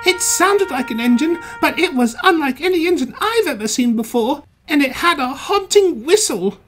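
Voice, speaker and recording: A man voicing a small, timid young male engine, squeaky and panicky, in a fan storybook reading. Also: animated, normal speed, fairly bright tone, soft background music. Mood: frightened.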